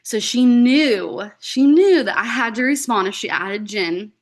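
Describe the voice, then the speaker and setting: A woman's voice: fairly high pitch, expressive, a little slow. A woman sharing a personal story as a guest speaker on a team video call, chatty, with frequent fillers and acted-out quotes of her own past words.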